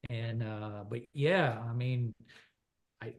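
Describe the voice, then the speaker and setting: This man grew up in Quebec and speaks English as a second language after French. He is a country singer-songwriter talking casually as an interview guest. His speech is rambling and chatty, full of fillers and restarts, at a middle pitch. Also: slow. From Quebec, Canada.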